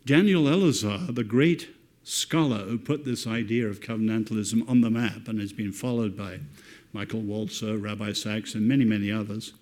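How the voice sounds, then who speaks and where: A man with a British accent and a resonant voice, giving a formal, emphatic lecture in measured oratory. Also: on the low side, steady tone, darkish tone. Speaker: speaker.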